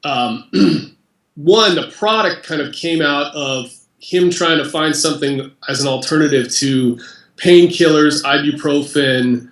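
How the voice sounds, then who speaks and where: A man being interviewed on a podcast, speaking in a relaxed, conversational way with fillers. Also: fairly high pitch, takes it slowly, roomy sound. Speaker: interview guest, company president. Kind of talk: casual interview chat.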